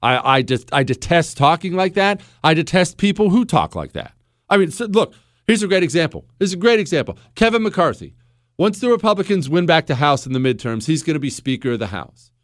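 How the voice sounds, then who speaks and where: A male radio host ranting bluntly on his talk show, his pitch swinging widely and sitting a bit high for a man. He is sarcastic and emphatic, recorded dry and close in a studio. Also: expressive, brisk, no room sound. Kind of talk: opinionated talk radio monologue. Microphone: studio microphone.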